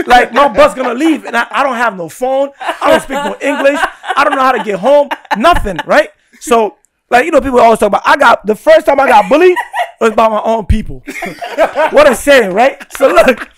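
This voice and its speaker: Lively storytelling young man. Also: very high voice, creaky. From Guinea. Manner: animated, laughing storyteller who keeps asking "right?". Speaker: podcast guest. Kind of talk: casual storytelling.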